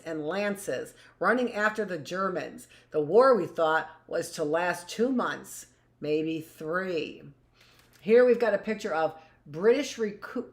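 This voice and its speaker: Woman teacher reading history aloud. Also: mid-range voice. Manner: reads passages aloud, then adds conversational asides with "right?". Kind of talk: reading aloud and commenting in a live class.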